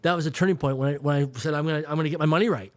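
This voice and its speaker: A man's voice: on the high side, very fast, dry recording, clean studio sound. A man in his fifties from Canada, a guest telling stories in an emphatic way, repeating words and acting out quoted voices. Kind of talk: storytelling interview talk.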